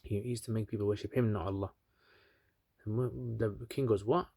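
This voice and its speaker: A man's voice: fairly low pitch, fairly even intonation, moderate pace, creaky, mellow, no room sound, studio quality. Chatty man retelling a story. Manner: chatty, filler-heavy, asides to listeners. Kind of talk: casual religious storytelling.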